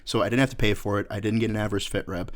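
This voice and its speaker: A young man with a fairly low voice rattles off crude anecdotes at a quick clip. He speaks as a casual podcast co-host, loose and profane. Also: fairly even intonation. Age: young adult. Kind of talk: casual chat.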